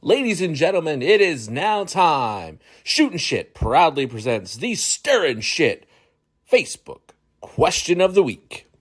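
A man's voice: on the high side, big pitch swings, a little slow, slightly rough, pitched above the performer's own voice, heavily acted. A man putting on a grand ring announcer voice, drawing out the words in a formal, showy way on a podcast bit. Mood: grandiose.

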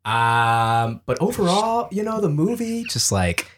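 A man's voice: a little high, sing-song, measured pace, a bit bright. Laid back guy on a podcast, laughs a lot, voice jumps all over. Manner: laid-back, giggly, rambling with fillers. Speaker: podcast co-host. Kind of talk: casual chat.

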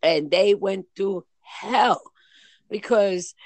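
A woman telling family stories in casual chat, animated and lively with acted quotes. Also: medium pitch, extremely slow, dry recording.

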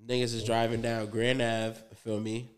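A man's voice: medium pitch, little pitch movement, normal speed. A young man on a podcast, telling a rambling story in loose, profane slang with lots of fillers and asides. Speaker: podcast co-host. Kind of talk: casual storytelling.

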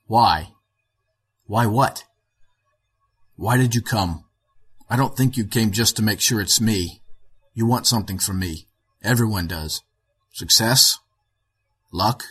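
A man voicing a weary former physicist who speaks slowly and enunciates every word. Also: lowish voice, fairly bright tone, slightly rough. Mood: subdued.

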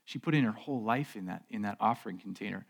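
Preaching from a church stage, this male pastor speaks fast in a low-leaning, gravelly voice with a breathy edge. His sermon is conversational, with repeated words and rhetorical questions.

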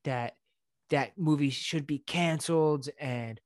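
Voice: mid-range voice, dry recording, studio quality. A podcast co-host chatting casually, joking and stumbling through fillers. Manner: joking, halting with many fillers. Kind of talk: casual chat.

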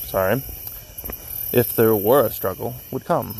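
Gravelly man reading a story outdoors. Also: on the low side, a little mellow, slight background noise, poor audio. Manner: unhurried reading with small slips it corrects. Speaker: narrator. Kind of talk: reading a classic story aloud. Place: outdoors in a cemetery at night.

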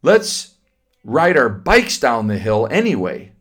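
A man voicing a bold young boy who coaxes his friend in a high, keen voice. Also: huge pitch swings, slow, a bit bright, slightly rough, exaggerated voice.

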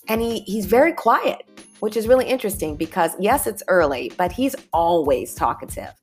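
A woman's voice: medium pitch, animated, moderate pace, soft background music. A woman hosting a casual motivational talk, chatty and upbeat, who calls her listeners y'all and leads them through breathing. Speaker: podcast host.

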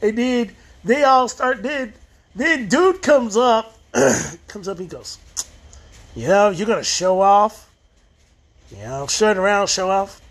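This male TV reviewer, high-pitched and slow with lively intonation, walks through an episode in an easygoing recap. His delivery rambles and often restarts phrases, and he voices the lines he quotes.

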